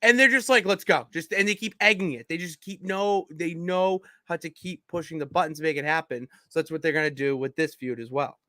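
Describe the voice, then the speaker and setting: A man co-hosts a casual podcast chat, rambling and losing his thread before picking it back up. His voice is bright. The sound is dry and close to the mic. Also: fairly high pitch, steady tone, brisk, hardly any pauses, no room sound. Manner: rambling, trails off and restarts. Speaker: podcast co-host.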